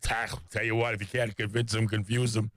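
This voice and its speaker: A man co-hosting a talk radio show, with a lowish voice recorded close and dry in the studio. He talks through the news in a relaxed way, filling pauses with "uh" and correcting himself as he goes. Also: no room sound. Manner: conversational, with frequent "uh" fillers and self-corrections.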